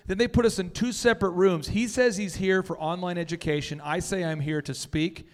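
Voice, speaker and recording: A man hosting a business talk, telling an animated story to a live audience and acting out the people in it. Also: high voice, fairly quick, long reverb tail. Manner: excitable, jumps between loud and hushed, acts out quotes. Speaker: business coach and host.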